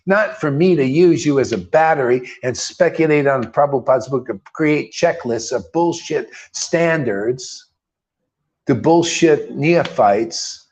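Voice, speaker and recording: A little high, a little slow and slightly mellow, this man's voice belongs to a spiritual teacher preaching informally to a small group. His style is emphatic and casual, sprinkled with swearing and blunt mockery, and he frequently addresses listeners as "man."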